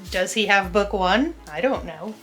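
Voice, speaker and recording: Young woman rambling while sorting bookshelves, mid pitch, music in the back. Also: lively intonation, measured pace, fairly bright tone. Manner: chatty, scattered, laughs often. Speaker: book vlogger. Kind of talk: casual chat while organizing. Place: home room with bookshelves. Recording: music playing underneath.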